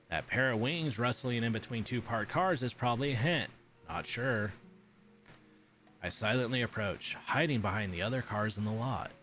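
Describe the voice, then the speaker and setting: A man's voice: mid-range voice, fairly bright tone. A man streaming himself reading a visual novel aloud in a casual way, with swearing and offhand asides.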